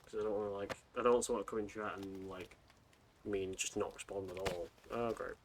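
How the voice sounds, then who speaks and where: A male streamer making quiet, rambling asides while playing a game. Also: fairly low pitch, steady tone, fairly quick, background noise. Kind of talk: casual gameplay commentary.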